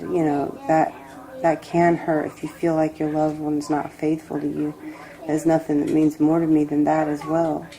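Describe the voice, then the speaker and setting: A woman giving a personal tarot reading, reflective and emotional, rambling with pauses. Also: deep voice, warm tone, low-quality recording. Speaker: tarot reader.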